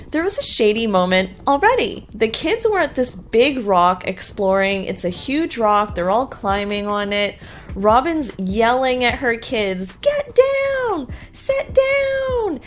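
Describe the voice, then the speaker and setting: A woman hosting a reality TV recap, talking casually and giving her opinions with lots of filler words. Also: mid-range voice.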